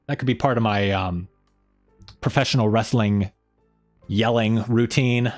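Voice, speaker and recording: Faint music plays behind a man with a medium-pitched voice speaking at a moderate pace. Streaming casually from a home room next to an open window, he rambles on with self-mockery and frequently leaves thoughts unfinished.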